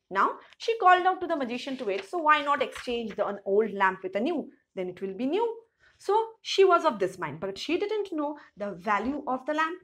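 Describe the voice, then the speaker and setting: With a fairly high, slightly bright voice, a woman teacher explains a children's story to her class. She reads it aloud and retells every sentence in simpler language, asking rhetorical questions along the way.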